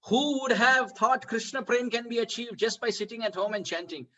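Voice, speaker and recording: A man's voice: extremely high pitch, fairly even intonation, normal speed, pushed and bright, poor audio. A man giving a devotional lecture, asking rhetorical questions and chuckling often. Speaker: spiritual speaker.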